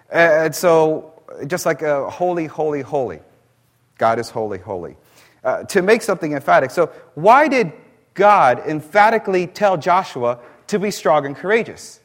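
A man preaching a sermon. He reads scripture slowly and then explains it in plain, conversational asides. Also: fairly high pitch.

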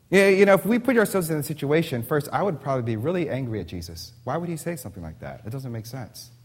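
A man in his thirties delivers a sermon through a homely story and a string of rhetorical questions. His voice sits slightly high and rises and falls with lively animation. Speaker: pastor.

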